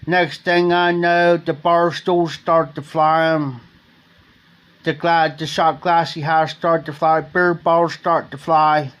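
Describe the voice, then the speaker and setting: Slightly high-voiced man from Ohio, rambling folksy late-night storyteller. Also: flat delivery, slow, fairly bright tone, smooth. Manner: rambling storyteller, repeats and restarts phrases, folksy slang. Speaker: livestream host.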